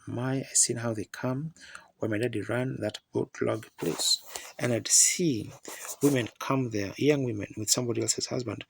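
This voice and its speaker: A man preaching a sermon, telling folksy stories in plain rural grammar with a gravelly, raspy voice. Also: mid-range voice, no echo.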